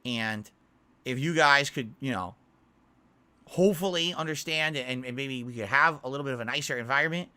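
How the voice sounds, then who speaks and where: A man's voice: medium pitch, normal speed, sharp tone, smooth. A man streaming live, giving his chat an earnest, defensive lecture, and often checking in with "all right?". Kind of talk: livestream rant to chat.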